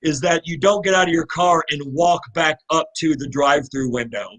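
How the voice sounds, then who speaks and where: A middle-aged man from Louisville, Kentucky, appears as a guest telling his story in a live interview. His voice sits on the high side at a normal speed, and the audio quality is poor. He's earnest and heartfelt, animated in the retelling, restarting often.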